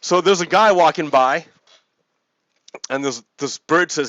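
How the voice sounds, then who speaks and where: On a dry, dull lo-fi mic with no room sound, a man talks at a moderate pace in a fairly high, slightly bright voice. His gaming video mixes play with casual, chuckling readings and explanations of politics, and he tends to repeat himself.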